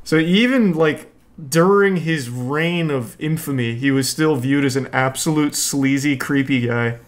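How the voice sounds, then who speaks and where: A man's voice: on the high side, measured pace. A man hosting a reaction video, reacting in casual commentary with incredulous, profane ranting.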